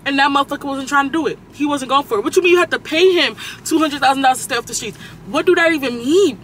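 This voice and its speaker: A young man telling animated, profane stories from inside a car, jumping from topic to topic. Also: extremely high pitch, fast talker, slight background noise, rough recording. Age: young adult. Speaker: vlogger. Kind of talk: casual storytime while driving.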